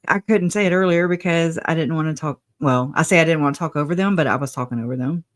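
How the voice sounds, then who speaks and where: A woman's voice: low-pitched, fast. A woman hosting a casual livestream, chatting, laughing often and greeting viewers by name. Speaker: livestream host.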